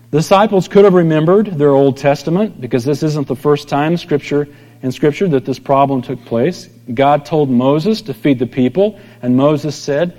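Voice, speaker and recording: A middle-aged pastor giving a conversational sermon, telling stories and acting out quoted voices. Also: male voice, on the high side, moderate pace, warm tone. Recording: long hall reverb.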